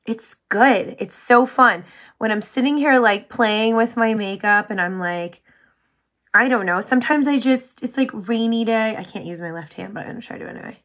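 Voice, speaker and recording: A woman hosting a casual makeup tutorial, bubbly and chatty, full of "like", often dropping to a soft whisper. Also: a little high, normal speed. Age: adult with sons. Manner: bubbly, chatty, heavy use of "like".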